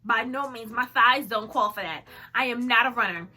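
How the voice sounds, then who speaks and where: Young woman vlogger, high and bright, dramatic storyteller who laughs a lot. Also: normal speed, faint music behind. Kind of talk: storytime chat.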